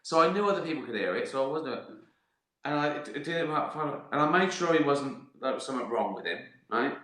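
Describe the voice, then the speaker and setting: A middle-aged man talks through a casual livestream, rambling between stories and swearing freely. His voice is bright and forward, and it bounces around an echoey room. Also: medium pitch, lively intonation, fast talker. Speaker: livestream host answering viewer questions. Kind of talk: casual chat.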